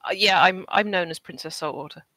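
A woman plays her character in a tabletop session and speaks in a polite, gracious way. Her voice is lowish yet bright. The recording is dry and close. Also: brisk, dry recording. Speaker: player. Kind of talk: in-character tabletop role-play.

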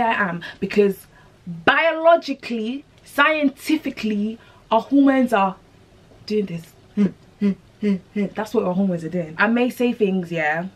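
A young woman chats straight to her viewers while she works on a wig. Her talk is casual and slangy, her pitch sits in the middle, and she bounces between asides and stories. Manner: chatty, animated, slangy, talks to viewers as sis. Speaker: beauty vlogger.

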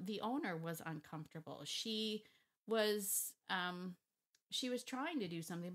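A middle-aged woman dog trainer speaks in a slightly low voice. She talks casually and emphatically, wandering off on side points before coming back around. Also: a bit bright. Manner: chatty, digressive, emphatic, with laughs. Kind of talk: casual talk to camera.

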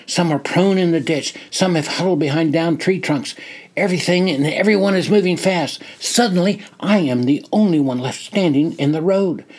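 Older man slowly reading his memoir. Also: fairly high pitch, darkish tone. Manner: slow, deliberate storytelling. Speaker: memoir narrator. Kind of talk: reading a personal war memoir.

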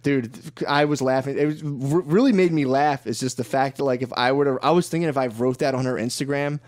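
A man in casual podcast chat, rambling through a story with constant swearing and bursts of laughter. His voice sits at an ordinary middle pitch. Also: brisk, darkish tone. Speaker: podcast co-host.

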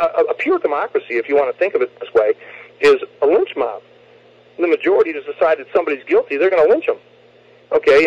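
A man talking politics on a radio show, emphatic and often repeating words as he restarts. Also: a little high. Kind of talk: political talk radio discussion. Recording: muffled lo-fi radio recording.

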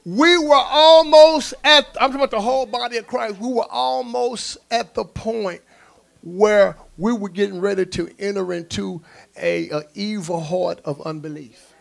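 A man preaching a sermon, leading call-and-response and rising to shouts. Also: high-pitched, steady tone, normal speed, gravelly. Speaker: pastor. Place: church sanctuary.

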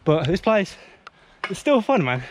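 A young man with a British accent, chatting excitedly as he vlogs at outdoor dirt jumps. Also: high-pitched, unhurried. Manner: excitable, chatty, exclaiming often. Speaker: vlogger. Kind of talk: casual vlog chat. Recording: outdoor noise, nearby traffic.

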